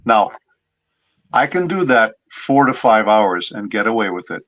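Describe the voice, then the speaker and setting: A man's voice: fairly low pitch, lively intonation, measured pace, fairly bright tone, low-quality recording. A middle-aged man, a voice actor guest, explaining his craft in a patient, teacherly way during a casual interview.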